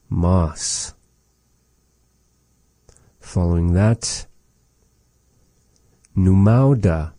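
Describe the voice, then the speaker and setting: A man teaching a vocabulary lesson, slowly repeating each word with folksy, patient asides. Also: low-pitched, steady tone, warm tone, no echo. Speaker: language teacher.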